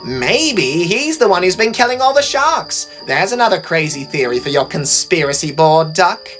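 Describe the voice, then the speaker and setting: A vain young engine with a shrill, mocking voice that leaps way up high, as a man reading a story puts him on. He sneers and cackles through every line, lively and theatrical, for a storybook reading. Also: unhurried, soft background music, heavily acted.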